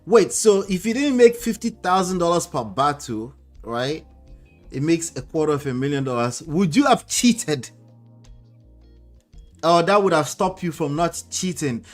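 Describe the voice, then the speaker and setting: A man hosting a commentary show, reacting to celebrity clips with animated, incredulous questions and reading comments from the chat. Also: fairly high pitch, a little slow, faint music behind.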